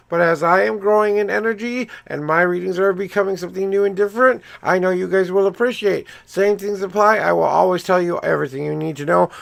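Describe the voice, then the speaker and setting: A middle-aged man with a heavily gravelly, fry-laden voice that sits a little high for a man. He talks to his viewers in a loose, rambling way while shuffling and reading tarot cards, and his pitch swings up and down as he goes. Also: a bit bright. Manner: chatty, rambling, addresses viewers directly. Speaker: tarot reader. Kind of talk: casual livestream tarot reading.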